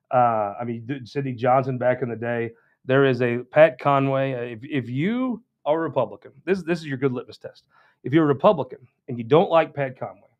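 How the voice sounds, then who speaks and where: A man hosting a political talk show, rambling in a folksy, casual monologue with frequent restarts. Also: medium pitch. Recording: dull lo-fi sound.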